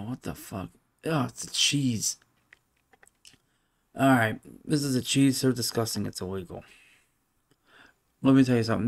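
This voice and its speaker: A man's voice: mid-range voice, creaky. A man vlogging casual reaction commentary, blunt and swearing, skimming and reading aloud with open disgust. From United States.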